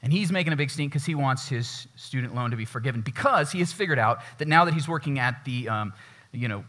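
A man's voice: medium pitch, animated, quick pace, bright, forceful tone. A male pastor giving a conversational sermon in a church, acting out quoted voices as he preaches.

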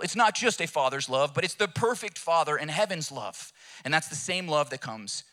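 A male pastor delivering a sermon, telling stories in an animated, emphatic way. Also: on the high side.

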